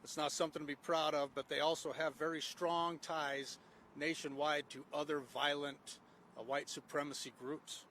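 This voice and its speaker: A man's voice: a little high, pushed and bright. Man reading a press statement, faint street noise. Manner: reads prepared remarks with frequent "uh" fillers. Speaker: gang unit director.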